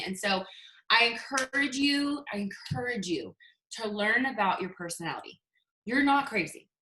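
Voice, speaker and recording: Upbeat woman coaching her team on a video call; animated storyteller with a crisp, bright tone and a roomy echo. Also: mid-range voice, moderate pace, a little hiss or hum. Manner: chatty, animated storytelling with acted-out quotes. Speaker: team leader giving a sales training. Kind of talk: casual motivational talk on a video call.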